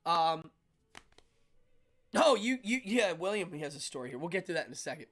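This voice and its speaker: A man's voice: on the high side, moderate pace, pauses often. A man, host of a talk show, casually telling a personal story and acting out the people in it. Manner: animated, acts out yelling voices in his story. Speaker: podcast host.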